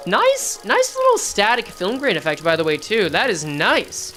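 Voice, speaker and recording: A woman's voice: mid-range voice, wildly swooping pitch, moderate pace, hardly any pauses, fairly bright tone. Woman streamer, story reading with chatty asides, faint music behind. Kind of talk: reading a game story aloud with reactions.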